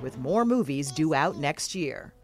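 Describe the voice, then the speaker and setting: List: woman, news narrator, expressive pitch, slightly low, scripted. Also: unhurried, loud music behind the voice.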